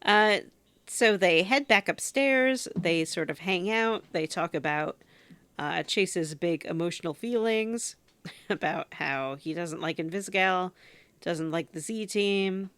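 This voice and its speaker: A woman's voice: fairly low pitch, slow, fairly bright tone, clean tone, dry recording. A woman co-hosting a gaming podcast, casually recapping a story game's scenes and laughing often. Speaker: podcast co-host recapping a game. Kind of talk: casual chat.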